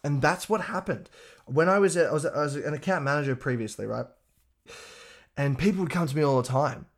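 A man giving a profane, animated motivational talk. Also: a little fast. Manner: profane, animated, acts out others in a higher voice. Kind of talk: casual motivational monologue.

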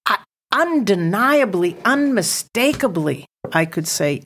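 A woman's voice: medium pitch, animated, normal speed, slightly rough. A middle-aged woman giving an earnest testimony as a podcast guest, acting out her prayers with rising emotion. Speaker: ministry founder, guest.

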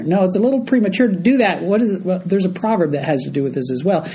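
A man's voice: high voice, expressive, quick pace, few pauses, mellow, low-quality recording. A man teaching a group Bible study, explaining a passage verse by verse and often checking in with his listeners.

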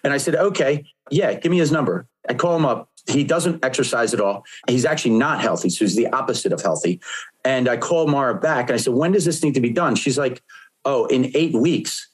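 A man co-hosting a podcast, telling stories in an energetic, plain-spoken casual way. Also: mid-range voice, brisk, husky. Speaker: podcast co-host. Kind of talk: casual podcast chat, storytelling.

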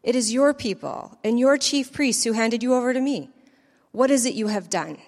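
A woman's voice: a little high, normal speed, a little mellow, in a large hall, pitched above the performer's own voice, natural voice. A woman reading the part of an uneasy male Roman governor, pressing him with raised questions. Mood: questioning.

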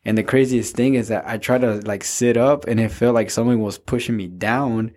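A man's voice: medium pitch, steady tone, normal speed, a little mellow. A young man casually telling a story to friends on a podcast, rambling and saying "bro" a lot. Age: young adult. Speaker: podcast co-host.

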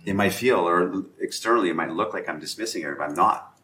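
A man's voice: sits low, fast, sharp tone, a little hiss or hum. A man leading a casual round-table discussion who acts out both sides of conversations as he talks. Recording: echoey room.

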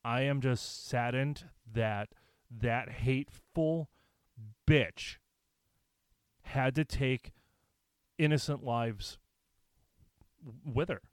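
A man's voice: mid-range voice, drawn-out words, pauses often, clear, resonant tone, no echo. A man vlogging, reading aloud and commenting in a blunt, profane, indignant way with sarcastic asides.

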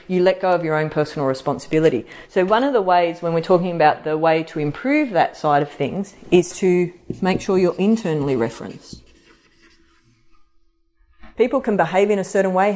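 A middle-aged woman with a slightly low voice talks in a chatty, animated way. She hosts a podcast and speaks casually to a live audience. She keeps slipping into the voices of the people she quotes. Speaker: podcast host and practitioner.

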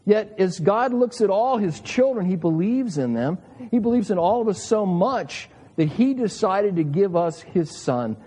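Guy in his 60s preaching, earnest storyteller, kinda high but warm voice, long echo like a big hall. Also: expressive, a little slow, breathy edge. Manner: earnest, emphatic storytelling with rhetorical questions. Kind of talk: sermon.

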